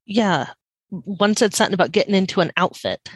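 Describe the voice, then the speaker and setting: A woman's voice: mid-range voice, expressive, brisk, slightly rough, no room sound. A woman playing in a tabletop game, making dry, skeptical remarks. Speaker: player. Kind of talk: casual tabletop game chat.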